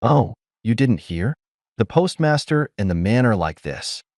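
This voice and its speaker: Earnest young college girl, plain talker, lively ups and downs, as a guy reads her in an audiobook, dry close sound. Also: lowish voice, unhurried, no room sound. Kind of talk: audiobook character voice.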